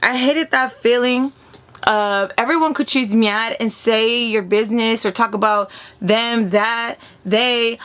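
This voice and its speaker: Raspy young woman chatting animatedly. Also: fairly high pitch, measured pace. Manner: chatty, animated, swears freely. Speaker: YouTuber telling a story. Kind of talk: casual storytime vlog. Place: inside a parked RV with a fan running.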